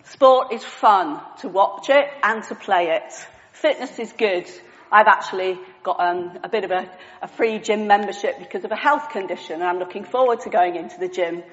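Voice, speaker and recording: A woman's voice: mid-range voice, moderate pace, long reverb tail, dull audio. A woman preaching an all-age sermon with props, chatty and self-deprecating, asking the congregation questions.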